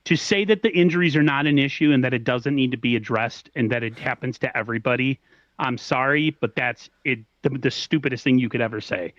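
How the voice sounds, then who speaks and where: Podcast host guy, halting chatty talk, dull muffled audio, dry. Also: mid-range voice, fairly bright tone, dry recording. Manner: halting, restarts sentences, friendly sign-off. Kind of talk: casual chat.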